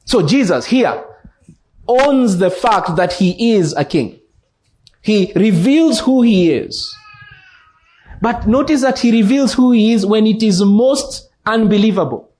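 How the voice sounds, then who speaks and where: A man with a Kenyan English accent preaching an expository sermon in church, slow and deliberate, repeating key phrases for emphasis. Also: sits high, expressive, a little mellow. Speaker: pastor.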